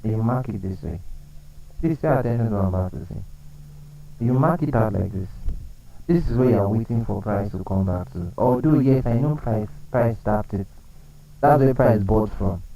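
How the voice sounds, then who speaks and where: A man's voice: fairly low pitch, moderate pace, gravelly, dark tone, distant mic, rough recording. A man running a live trading lesson, explaining chart setups, repeating key points and quizzing his viewers. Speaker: trading coach.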